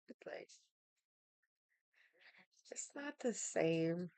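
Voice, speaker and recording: A woman's voice: fairly high pitch, very animated, unhurried, gravelly, long pauses, no echo. A young woman chatting casually, rambling with lots of filler words and swearing. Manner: rambling, heavy on 'like' and swearing. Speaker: streamer. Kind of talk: casual chat while drinking.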